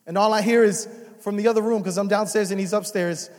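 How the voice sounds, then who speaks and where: A young man pastor preaches to his congregation in a fairly high voice. He moves between a hushed prayer tone and loud, driving exhortation. The sound rings with the long reverb of a church hall. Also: fairly even intonation, quick pace. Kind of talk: sermon. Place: church sanctuary.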